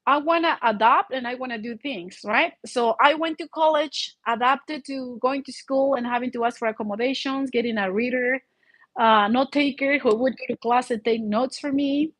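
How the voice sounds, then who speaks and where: A middle-aged woman with a foreign accent, English not her first language, telling her own story in an animated way, full of restarts and fillers. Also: high-pitched, moderate pace, no room sound, rough recording. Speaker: vlogger. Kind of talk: personal storytelling.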